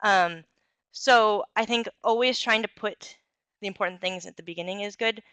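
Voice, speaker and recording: Bright-voiced woman giving a lesson. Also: mid-range voice, moderate pace, no room sound. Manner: clear, encouraging, with occasional fillers. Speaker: presenter giving a talk on communication skills. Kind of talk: instructional talk.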